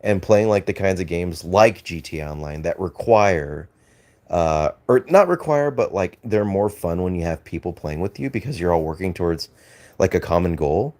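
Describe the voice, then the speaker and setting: Low-voiced Australian man rambling on stream. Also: lively intonation, normal speed, a little mellow. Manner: rambling, hesitant, many fillers and restarts; laughs easily, swears casually. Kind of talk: casual live-stream chat, reading and answering chat.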